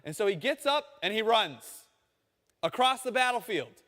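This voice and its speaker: High-voiced man preaching in a reverberant hall. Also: big pitch swings, normal speed, bright, forceful tone. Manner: storytelling, acting out quoted voices. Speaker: pastor. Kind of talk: sermon.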